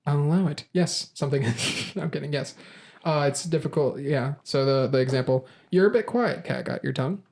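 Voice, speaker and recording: A man's voice: mid-range voice, fairly even intonation, moderate pace, vocal fry, a little mellow. A man hosting a casual podcast quiz, reading idiom origins aloud with stumbles and laughs. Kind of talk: casual group podcast chat.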